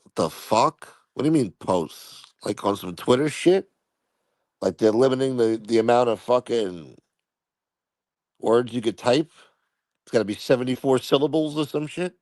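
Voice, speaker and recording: A man's voice: mid-range voice, expressive, moderate pace, a little mellow, dry recording. A man hosting a casual live stream, answering viewer comments in a profane, rambling, blunt way.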